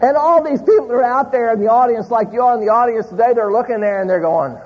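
A man preaching a sermon, telling an animated story to a live congregation in a church. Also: very high-pitched, quick pace, hardly any pauses, some chatter behind, a little hiss or hum. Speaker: pastor. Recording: muffled audio in a large hall.

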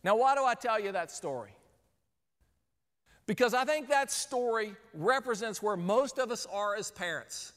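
A man with a high voice gives a sermon, telling a story with lively, acted-out moments. His voice rings through a large hall with a long reverb tail. He switches between plain teaching and playing out the scenes he describes. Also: unhurried. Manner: animated storyteller, acts out scenes. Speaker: speaker.

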